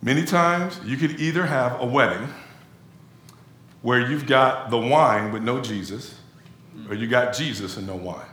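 A man preaching a sermon as pastor, talking to the congregation in an animated, conversational way. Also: medium pitch, unhurried, reverberant, a little hiss or hum. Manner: animated conversational preaching, addresses crowd as y'all.

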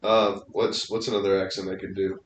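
A man's voice: low voice, level tone, brisk, echoey room, distant mic, slight background noise, poor audio. A young man bantering jokily on a casual podcast. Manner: jokey, playful, slips into put-on voices.

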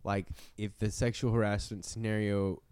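A man co-hosting a casual podcast, cracking dry, deadpan jokes. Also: on the low side, normal speed, crowd noise. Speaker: podcast co-host. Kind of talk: casual chat.

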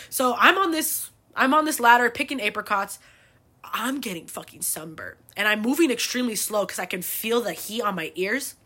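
Bright-voiced woman telling profane stories. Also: on the high side, moderate pace, breathy edge. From United States. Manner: animated, profane, laughing. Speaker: podcast host. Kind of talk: casual storytelling.

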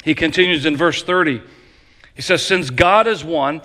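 A man preaching a sermon as pastor, emphatic and repetitive, swinging between loud declarations and quiet low passages. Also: moderate pace. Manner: emphatic preaching with repeated phrases, varying loud and soft. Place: church sanctuary. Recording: long hall reverb.

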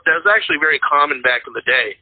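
A man's voice: medium pitch, rapid-fire, a little hiss or hum. A man co-hosting a casual podcast chat about movies, rambling with lots of fillers and restarts. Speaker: podcast co-host. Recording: tinny phone-like line.

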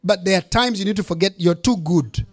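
A man's voice: high-pitched, a little fast. A man, a bishop, preaching a sermon, telling a story with emphatic, punchy repetition.

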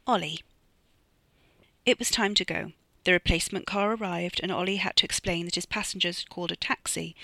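Give me an author narrating their own novella in a measured, storytelling way. The voice has a gravelly fry under a bright, forward tone. It is recorded dry and close to the mic. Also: medium pitch, steady tone, dry recording. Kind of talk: scripted narration.

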